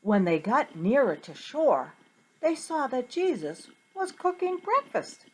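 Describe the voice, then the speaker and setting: A middle-aged woman teacher tells a Bible story to children in an animated, questioning way. She talks slowly, with a wide, sing-song pitch range. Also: slightly rough. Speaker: Sunday school teacher.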